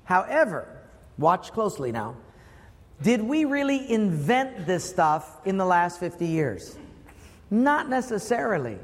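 High-voiced preacher in a reverberant hall. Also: male voice, big pitch swings, measured pace. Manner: rhetorical questions to the congregation, emphatic. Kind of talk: sermon.

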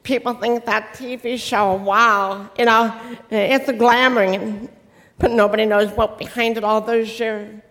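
A deaf woman giving an inspirational faith talk. Her speech is distinctive and sounds accented, and she articulates slowly and carefully. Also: a little high, steady tone, a bit bright. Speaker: inspirational speaker. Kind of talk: motivational faith talk to an audience. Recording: long reverb of a large hall.

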